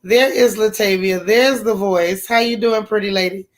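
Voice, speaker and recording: A woman's voice: medium pitch, normal speed. A middle-aged woman hosts a casual live chat. Her delivery is folksy and effusive as she thanks viewers and calls out their names one by one. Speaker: YouTube channel host.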